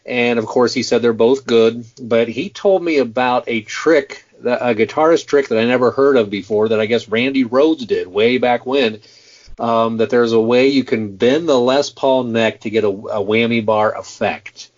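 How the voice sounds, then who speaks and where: A man's voice: medium pitch, normal speed. A man in his forties hosting an interview, chatty and prone to stammering. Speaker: host. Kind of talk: casual interview chat. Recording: dull lo-fi sound.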